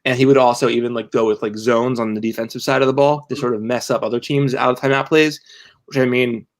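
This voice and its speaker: A man's voice: mid-range voice, steady tone, quick pace. Rambling young man on a sports podcast. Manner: rambling, many restarts and fillers. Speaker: podcast co-host and team writer. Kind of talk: casual podcast chat.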